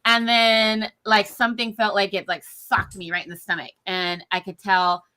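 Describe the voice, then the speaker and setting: A woman guest speaking on a video call, telling a personal story in a lively, chatty way with lots of fillers and acted-out quotes. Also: mid-range voice, moderate pace, clean tone. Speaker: guest nurse executive.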